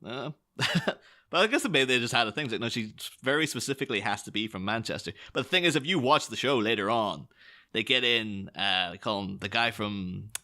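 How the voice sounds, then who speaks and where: Rambling and eager on a casual film podcast, this co-host keeps restarting his sentences as he talks briskly. He has a fairly low, expressive voice that sounds pushed and bright.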